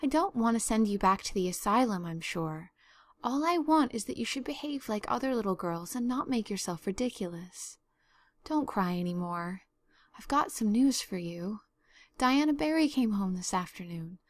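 A woman's voice: mid-range voice, animated, natural voice. A woman doing a stern no-nonsense guardian. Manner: brisk, scolding, no-nonsense.

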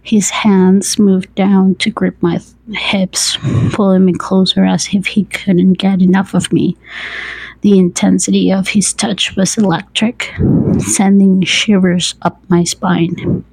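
A woman narrating a first-person erotic story in a hushed, intimate way that often slips into whispers. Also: mid-range voice, flat delivery, takes it slowly, gravelly, slightly rough, dry recording, rough recording.

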